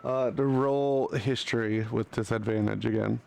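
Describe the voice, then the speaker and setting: Slow gravelly guy running a tabletop game, faint background noise. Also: medium pitch, fairly even intonation, a little mellow. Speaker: dungeon master.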